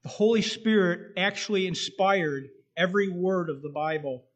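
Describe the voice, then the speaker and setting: A male preacher delivering a sermon in a somewhat high voice. He reads scripture slowly and earnestly, and a faint whistle comes from his tooth. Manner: slow, earnest delivery, reading scripture aloud.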